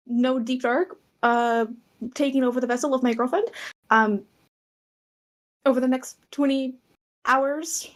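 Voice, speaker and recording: Hesitant, higher-voiced woman player. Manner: hesitant, lots of fillers. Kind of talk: casual chat.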